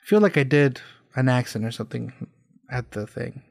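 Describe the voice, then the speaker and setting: A man's voice: medium pitch, animated, moderate pace, creaky, a little mellow, no room sound, studio quality, soft background music. A man co-hosting a comedy podcast in casual banter, swearing often and slipping into laughing impressions. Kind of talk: casual banter with put-on accents.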